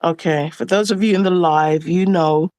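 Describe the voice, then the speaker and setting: A woman hosting a casual nail chat, relaxed and frank, swearing offhandedly while she works. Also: lowish voice, moderate pace, no echo. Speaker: nail artist host.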